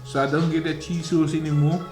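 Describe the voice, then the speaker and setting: A man's voice: on the high side, little pitch movement, quick pace, darkish tone, roomy sound, soft background music. A man co-hosting a talk show, teasing his guest in easygoing banter. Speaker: co-host. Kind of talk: casual chat.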